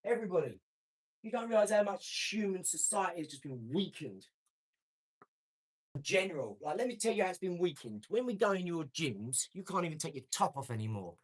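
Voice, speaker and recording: A man's voice: high-pitched, big pitch swings, fairly quick, breathy edge. Brash man in his forties. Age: 40s. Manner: brash, boastful, street-talking. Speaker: livestream host. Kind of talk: casual live-stream chat answering comments.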